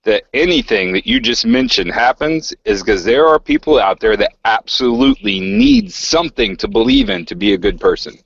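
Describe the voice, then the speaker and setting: A man's voice: medium pitch, sing-song, normal speed, creaky, few pauses. A man co-hosting a podcast, giving blunt opinions in casual chat. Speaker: podcast co-host. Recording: dull lo-fi audio.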